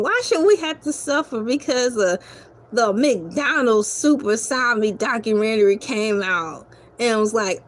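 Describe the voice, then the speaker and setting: Woman host, high voice, slow easy pace, laughing and joking thru a rant. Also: a bit bright. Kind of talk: casual comic rant to viewers.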